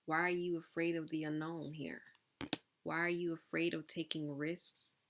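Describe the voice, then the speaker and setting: A woman's voice: sits low, little pitch movement, moderate pace, creaky. A woman giving a collective tarot reading, asking probing questions and breaking off for casual asides. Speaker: tarot reader.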